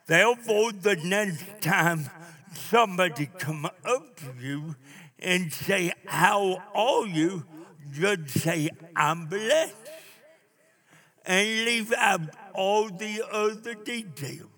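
An older man preaching a sermon, emphatic, with call-and-response and drawn-out phrases. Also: high-pitched, bright, forceful tone.

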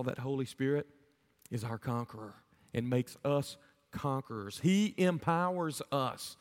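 A man preaching a sermon to his congregation, earnestly asking them rhetorical questions. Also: high voice. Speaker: pastor. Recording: long hall reverb.

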